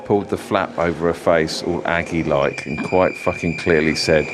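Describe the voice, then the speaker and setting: A man's voice: sits low, steady tone, normal speed, noisy background. A man co-hosting a podcast, reading listener stories aloud with dry, sweary delivery. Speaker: podcast co-host.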